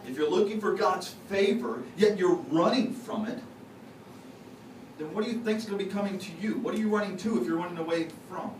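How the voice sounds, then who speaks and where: A man's voice: high-pitched, a little fast. A man preaching a conversational, folksy sermon to his congregation, sharing confessions and teasing people in the pews. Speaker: pastor. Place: church sanctuary. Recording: echoey, distant, noisy church recording.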